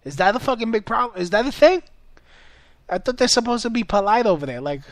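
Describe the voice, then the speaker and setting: A young man vlogger ranting in a loose, rambling way, swearing freely and laughing often. His voice sits fairly high, and the recording is close and dry. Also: lively intonation, fast, no echo. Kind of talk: casual ranting commentary.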